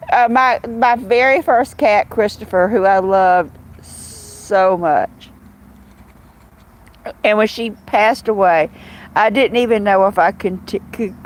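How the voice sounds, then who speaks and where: A woman's voice: medium pitch, animated, unhurried, rough recording. A woman hosting a casual live stream, chatting bluntly and rambling while answering viewers' comments. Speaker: live-stream host reading chat.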